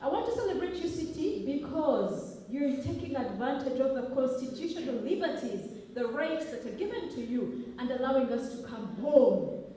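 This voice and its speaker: A woman's voice: sits high, animated, moderate pace, warm tone. A young woman from Uganda, an academic, giving an impassioned public speech. She talks rhetorically and with emphasis, and often checks in with "okay?". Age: young adult. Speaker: academic speaker. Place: large echoey hall. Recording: echoey hall recording from far off.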